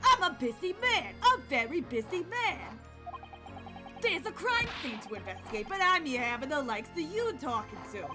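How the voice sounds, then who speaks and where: A woman voicing a gruff, irritable male police detective who blusters loudly, with game music behind. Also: sits high, sing-song, slow, few pauses, full character voice. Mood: irritated. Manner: blustering, loud complaining.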